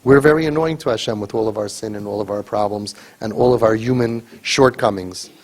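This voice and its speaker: A man's voice: fairly low pitch, fairly quick. A middle-aged man, a crisis coach, giving an earnest, emphatic lecture to a group and often asking rhetorical questions. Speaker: parent crisis coach leading a sibling training group.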